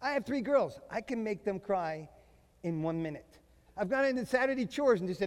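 A middle-aged man preaching a sermon to fathers. He is emphatic, slows down to stress key phrases and mixes in humorous family stories. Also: high-pitched, lively intonation, muffled recording. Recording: long reverb of a large hall.

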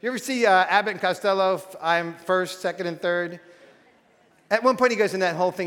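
A man preaching a sermon as pastor, animated and acting out quoted voices. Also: high-pitched, brisk. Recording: long hall reverb.

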